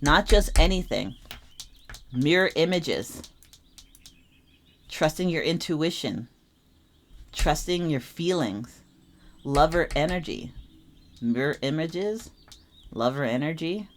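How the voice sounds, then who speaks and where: Young female tarot reader, deep-set voice, expressive and repetitive delivery. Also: slow, long pauses, a little hiss or hum. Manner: animated, repeats phrases for emphasis. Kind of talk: casual tarot reading monologue.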